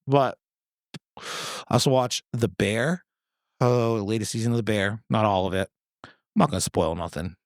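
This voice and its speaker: A man in his thirties talks alone on his podcast, rambling from one story to the next and swearing freely. His voice sits on the low side. The sound is close and completely dry. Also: no echo. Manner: rambling, profane, jokey storytelling with sudden high-pitched quoted voices. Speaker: podcast host. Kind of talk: casual solo chat.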